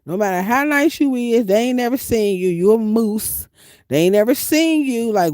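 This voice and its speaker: A woman from the US Midwest, a van-life vlogger chatting casually with viewers and telling her travel stories with animated, emphatic delivery. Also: moderate pace, no echo. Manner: animated, emphatic storytelling with big pitch swings. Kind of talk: casual livestream chat.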